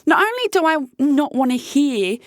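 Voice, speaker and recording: A fairly high-voiced woman in her thirties vlogs about dating in a blunt, animated way, swearing freely and laughing often. The sound is dry and close, with no room echo. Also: moderate pace. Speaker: dating vlogger. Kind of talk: casual candid vlog monologue.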